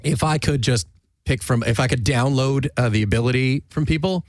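A man's voice: mid-range voice, moderate pace, dry recording. A man hosting a casual interview chat, joking and chatty, with a radio voice. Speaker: podcast host.

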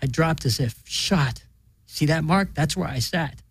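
A man's voice: a little high, unhurried, slightly rough, no room sound, pitched above the performer's own voice. A man voicing a flustered, earnest male priest in a storybook reading.

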